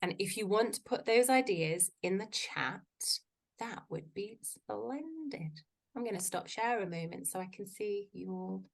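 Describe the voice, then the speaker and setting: A woman's voice: lively intonation, a little slow, gravelly. A woman, a voice coach giving a chatty, playful online workshop talk over a video call. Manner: chatty, playful, varies pitch for effect.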